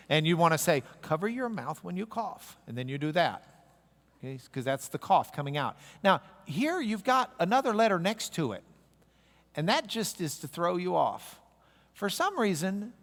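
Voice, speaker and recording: A man teaching a Bible literacy class, joking and quizzing his audience as he goes through the letters. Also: a little high. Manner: jokey, animated teaching with audience call-and-response. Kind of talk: classroom lecture. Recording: echoey hall recording.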